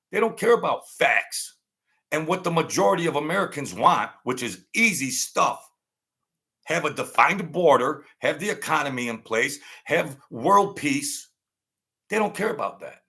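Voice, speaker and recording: A man's voice: on the high side, big pitch swings, unhurried, gravelly, fairly bright tone. A man hosting his own channel, delivering combative, sarcastic political commentary and repeating lines for emphasis.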